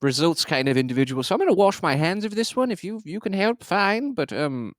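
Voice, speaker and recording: A man playing in a tabletop game, asking skeptical, quick questions in character. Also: sits high, lively intonation, no echo, clean studio sound. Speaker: player.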